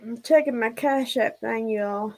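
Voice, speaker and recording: A woman's voice: on the high side, measured pace, a little mellow. A woman hosting a casual livestream, rambling and out of breath as she talks to her viewers. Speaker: livestream host.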